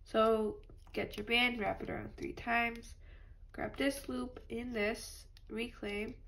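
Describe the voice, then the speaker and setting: A woman with a stuffy nose from allergies, calmly talking through a step-by-step craft tutorial and apologizing now and then. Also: on the high side, slow pace, vocal fry, a little hiss or hum. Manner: patient, apologetic instructions.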